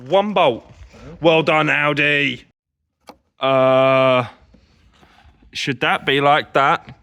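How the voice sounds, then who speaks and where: A man's voice: fairly high pitch, fairly even intonation, extremely slow, creaky, bright, forceful tone, smooth, highs cut off. A man, chatting casually through a car repair vlog and explaining each step as he works. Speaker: car vlogger.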